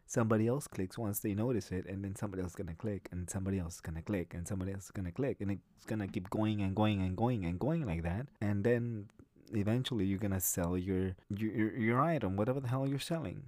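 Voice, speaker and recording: A man's voice: fairly low pitch, dark tone, dry recording, clean studio sound. A man hosting a solo podcast, talking bluntly and profanely in a rambling way with many restarts. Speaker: podcast host. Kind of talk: casual solo podcast monologue.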